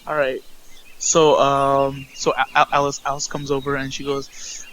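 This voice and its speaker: A man's voice: medium pitch, completely flat delivery, measured pace, fairly bright tone, a little hiss or hum, rough recording. A man narrating a tabletop game as game master, often stammering and repeating words.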